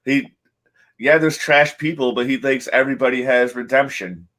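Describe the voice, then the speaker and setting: A man's voice: mid-range voice, steady tone, normal speed, a bit bright. Laid-back man who swears casually. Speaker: podcast co-host. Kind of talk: casual TV discussion.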